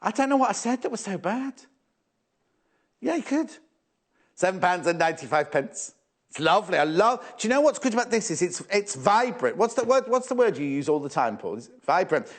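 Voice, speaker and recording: A man's voice: sits high, very animated, fairly quick. A man presenting fabrics live on a shopping channel, chatty and teasing, often repeating prices and stock levels.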